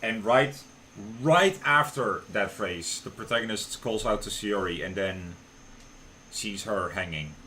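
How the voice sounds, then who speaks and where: A young man streamer reading a visual novel aloud on a live stream, relaxed and cracking jokes in between. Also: fairly low pitch, a little slow, a little hiss or hum.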